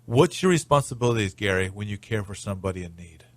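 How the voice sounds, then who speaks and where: A man's voice: on the low side, lively intonation, quick pace, no room sound. A man hosting a radio talk show, chatty and playful, with joking asides to his listeners.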